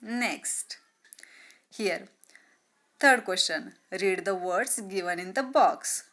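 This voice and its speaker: A woman teaching a grammar lesson to young children, slow and deliberate, repeating words and mimicking animal sounds. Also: mid-range voice, bright, forceful tone.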